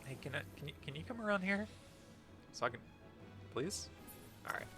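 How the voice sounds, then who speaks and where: A man's voice: on the high side, expressive, moderate pace, music in the background. A man streaming a game with casual, jokey commentary, chatting and laughing often.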